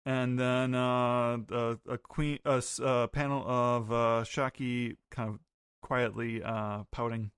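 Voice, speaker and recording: Male podcast host, casual animated recap, medium pitch, dry. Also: slow, clear, resonant tone, no echo. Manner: animated, acts out quotes.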